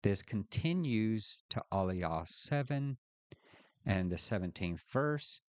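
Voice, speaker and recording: A man teaching a scripture study lesson, walking through the text and reading verses aloud with deliberate emphasis. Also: fairly low pitch, lively intonation, no echo. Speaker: Bible teacher.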